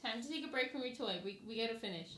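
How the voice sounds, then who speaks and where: Talking very fast in a slightly high voice, a young bride-to-be rants on her casual podcast about the wedding plans. The delivery is blunt and animated, captured in an echoey room.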